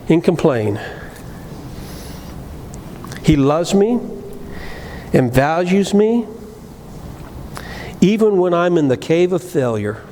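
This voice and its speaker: A middle-aged man preaching a sermon, telling a personal story, moving between loud emphatic lines and low quiet asides, with frequent restarts. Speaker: pastor. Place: church sanctuary. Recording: live church recording with long reverb and faint room noise.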